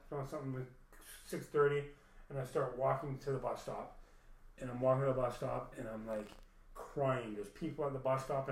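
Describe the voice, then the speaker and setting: A man's voice: medium pitch, echoey room, poor audio. A man rambling through an emotional personal story, repeating himself and swearing often.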